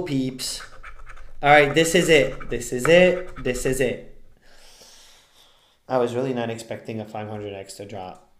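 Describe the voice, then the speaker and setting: A man live-streaming scratch-off tickets, talking excitedly to his chat and yelling at big wins. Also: mid-range voice, slow. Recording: echoey room.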